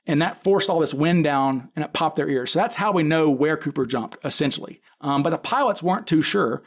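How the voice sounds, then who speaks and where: With lively intonation and a brisk pace, this fairly high-pitched man is a podcast guest and case expert. He casually walks through events in detail, dramatizing the quoted dialogue, and often breaks off to restart or correct what he's saying.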